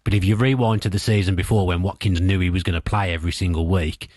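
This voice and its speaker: A man with a Birmingham accent giving thoughtful, animated football analysis as a pundit on sports radio, speaking into a studio mic. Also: low voice, fast talker, no room sound.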